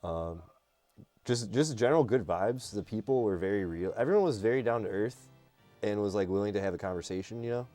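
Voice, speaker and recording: A man hosting a live stream, chatting casually and teasing his co-host in an animated, joking way. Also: lowish voice, brisk, no echo, faint music behind.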